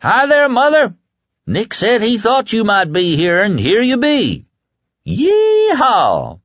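A man voicing an exuberant young man driving a farm truck, who whoops and shouts in a high voice. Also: huge pitch swings, slow, no room sound, muffled recording, full character voice.

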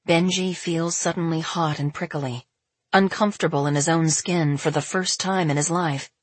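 Husky woman narrating an audiobook. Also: low-pitched, fairly even intonation, moderate pace, no room sound. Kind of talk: scripted narration.

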